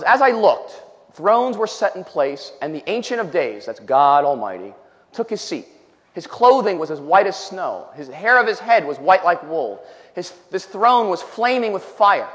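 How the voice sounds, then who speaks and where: A man's voice: high-pitched, fairly bright tone. A male preacher delivering an emphatic sermon, reading scripture aloud and commenting between the verses. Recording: long hall reverb.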